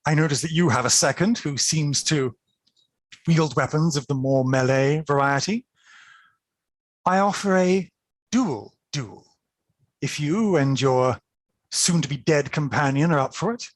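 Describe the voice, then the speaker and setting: A man voicing an excitable, bloodthirsty male duelist in a tabletop game, grandiose and formal. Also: on the high side, unhurried, pauses often, no echo. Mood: boastful.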